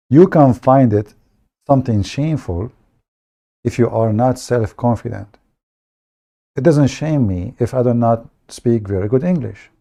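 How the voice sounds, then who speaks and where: Arabic-accented guy hosting a stream, dark mellow voice, blunt and joking about himself, repeats words a lot. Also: mid-range voice, vocal fry. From Middle East. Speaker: online debate show host. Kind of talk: casual livestream monologue.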